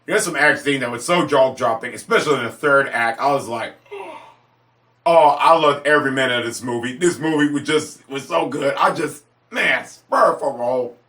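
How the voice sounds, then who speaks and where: A man reviewing movies in a casual monologue, gushing with excitement, repeating himself and breaking into sudden high-pitched exclamations.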